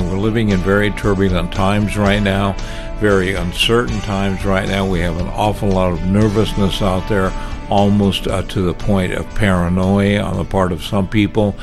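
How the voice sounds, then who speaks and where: A man's voice: low voice, little pitch movement, normal speed, music in the background. A middle-aged man hosting a talk radio show, chatting in a conversational, opinionated way with frequent fillers. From Washington State.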